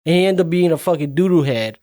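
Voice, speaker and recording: A man's voice: on the high side, expressive, fast, dark tone. A man co-hosting a podcast, adding profane, laid-back banter. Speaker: podcast co-host. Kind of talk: casual movie recap chat.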